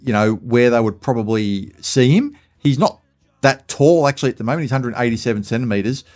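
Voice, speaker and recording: A man with an Australian accent chats casually as the host of a fan channel. His voice sits at an ordinary middle pitch. He thinks aloud as he goes, dropping in fillers and restarting sentences. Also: a little fast, darkish tone. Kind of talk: casual spoken commentary.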